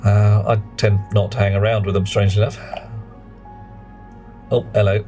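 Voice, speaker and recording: A man's voice: fairly low pitch, little pitch movement, normal speed, mellow, faint music behind. A man streaming a game, chatting in a rambling, self-mocking way. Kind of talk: live gameplay commentary and chat.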